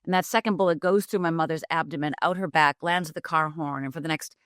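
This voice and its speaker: Low-voiced woman telling her life story. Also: fast talker, a bit bright, no echo, studio quality. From Upper Michigan, USA. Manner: vivid, dramatic retelling with acted-out quotes. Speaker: guest, life coach. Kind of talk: candid storytelling interview.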